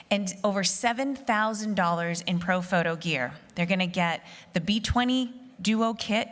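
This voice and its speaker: A woman's voice: medium pitch, a bit bright. A woman hosting a live photography competition broadcast, making conversational, upbeat announcements. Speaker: competition host. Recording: long hall reverb.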